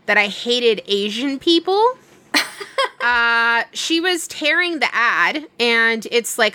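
Young adult woman, chatty storyteller who acts out quotes, fairly high and bright. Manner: animated retelling with quoted dialogue. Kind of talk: casual storytelling chat.

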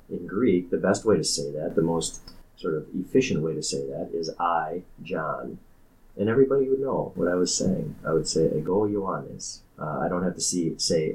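Low-voiced man explaining with emphasis. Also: darkish tone, rough recording. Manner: explanatory, emphatic, stumbles over words. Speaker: pastor and podcast co-host. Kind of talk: casual theological discussion.

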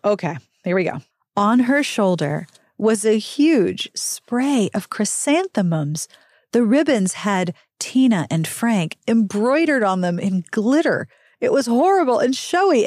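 A woman's voice: mid-range voice, darkish tone, no echo, studio quality. A woman hosting a podcast, recapping a romance novel in a casual way, reading passages aloud and breaking off into snarky, laughing asides. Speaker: podcast host.

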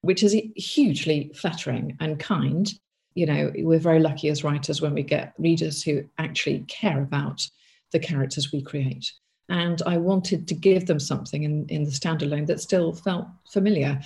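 A middle-aged woman speaks with a noticeable gravelly fry in her voice. She is an author answering an interviewer's questions. She thinks aloud, backtracks and restarts her sentences. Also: low-pitched, normal speed, a little mellow. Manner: thoughtful, with frequent restarts and asides.

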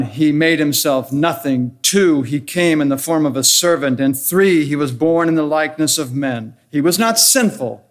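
A man delivering an earnest, measured sermon as pastor, counting off his points and posing rhetorical questions. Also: on the high side.

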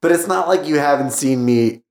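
A man's voice: on the high side, moderate pace, creaky. A man hosting a podcast, chatting casually in a rambling, self-deprecating way and laughing often. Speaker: podcast host.

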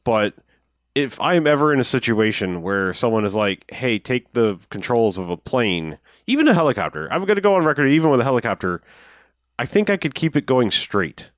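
A man's voice: mid-range voice, big pitch swings, fairly quick, dry recording, studio quality. A man co-hosting a podcast, chatting casually and rambling as he recaps a movie, often mimicking the characters. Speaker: podcast co-host.

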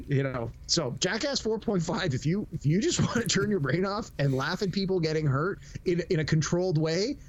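Hosting a relaxed podcast conversation, this middle-aged man speaks at a moderate pace with few pauses, his voice sitting high. He tells stories with lively energy, performing the quotes and laughing mid-sentence.

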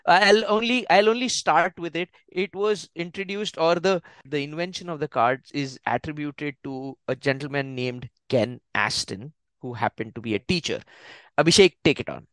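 A man's voice: on the high side, normal speed, fairly bright tone, no echo. A man co-hosting a casual chat, explaining trivia and laughing often. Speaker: podcast co-host.

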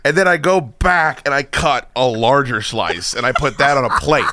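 A man hosting a podcast, telling stories in a casual, animated way and swearing often. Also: mid-range voice, moderate pace, dry recording. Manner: animated storyteller, swears freely, laughs a lot. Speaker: podcast host. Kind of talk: casual chat.

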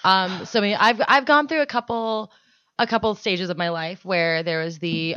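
A woman co-host on a comedic podcast, chatting casually and cutting in with quick jokes. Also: medium pitch, bright, forceful tone, clear, resonant tone, dry recording. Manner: quick, joking interjections. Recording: dull dry lo-fi sound.

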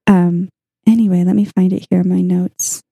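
A woman's voice: on the low side, flat delivery, normal speed, vocal fry, dark tone, breathy edge, no echo, clean studio sound. A woman co-hosting a casual faith podcast, talking earnestly through Bible passages from her notes. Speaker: podcast co-host.

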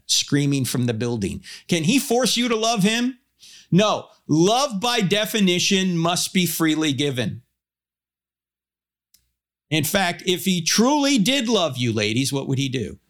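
A man with a fairly high voice delivers a lively public talk on theology. He swings his pace and pitch for emphasis and mixes in humorous storytelling. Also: slow. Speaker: Christian apologist speaker.

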